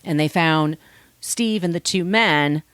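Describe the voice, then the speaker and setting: Chatty low-voiced woman podcaster. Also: slow, smooth, no echo. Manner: chatty, animated, acts out quotes, swears freely. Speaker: podcast host. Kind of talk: casual true-crime storytelling.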